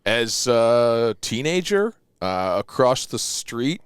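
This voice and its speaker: A man's voice: medium pitch, big pitch swings, slow, clean tone, no echo, clean studio sound. A man co-hosting a casual podcast, rambling through his stories with many fillers and jokey asides. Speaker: podcast co-host. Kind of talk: casual chat.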